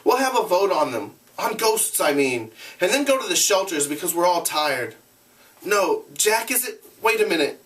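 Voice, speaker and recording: A man's voice: high-pitched, very animated, moderate pace, a bit bright, far from the mic, pitched above the performer's own voice. A man reading aloud, voicing an earnest boy leader who worries and tries to keep order. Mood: earnest, urgent. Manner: earnest and urgent.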